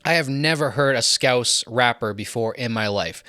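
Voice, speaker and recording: A man's voice: medium pitch, moderate pace, pushed and bright, no room sound. Enthusiastic male music reviewer, dry sound. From not English. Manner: enthusiastic, conversational with frequent fillers. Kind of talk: album ranking commentary.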